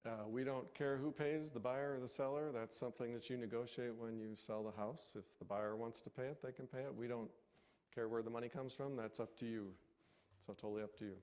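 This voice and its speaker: A man's voice: medium pitch, steady tone, brisk, a little mellow, clear, resonant tone. A man, a city official, answering a resident's question at a council hearing in a plain, offhand way.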